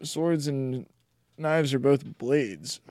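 A man's voice: medium pitch, extremely slow, warm tone, no room sound, studio quality. A man co-hosting a podcast in casual chat, explaining and arguing his points at length. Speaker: podcast co-host.

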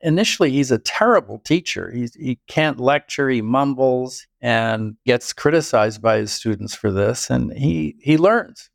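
An older biographer, a guest on an interview, answers questions with thoughtful, detailed storytelling and the occasional chuckle. His medium-pitched voice is animated with vocal fry, moving at a measured pace with few pauses. The recording is dry and studio quality.

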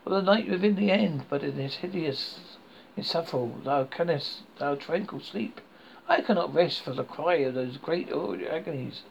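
A man voicing a mournful, gravelly fiend spirit. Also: fairly high pitch, slight background noise. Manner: mournful, solemn. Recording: dull lo-fi recording.

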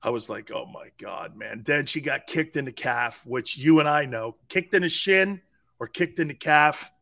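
A man's voice: fairly high pitch, normal speed. A man co-hosting a sports talk show, telling stories animatedly and tossing in "man" and "dude" as he goes. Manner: animated storyteller, peppers speech with "man" and "dude". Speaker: sports radio co-host.

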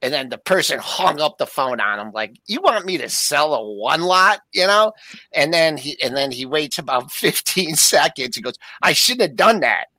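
An older man co-hosting a markets show, telling an old trading story in a casual, animated way. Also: a little high, normal speed, no room sound. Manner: storytelling, animated when quoting. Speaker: co-host. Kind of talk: casual chat.

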